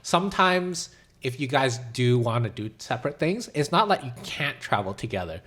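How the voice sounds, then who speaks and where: A man's voice: medium pitch, big pitch swings, normal speed, fairly bright tone. Chill guy on a podcast giving travel tips, voice swings around a lot. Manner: easygoing, advice-giving, laughs often. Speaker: podcast co-host. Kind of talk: casual chat.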